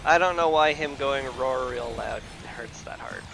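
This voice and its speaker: Gravelly, joking male game streamer. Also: medium pitch, normal speed, background noise. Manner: joking, rambling, self-mocking. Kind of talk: casual gameplay commentary. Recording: game music behind.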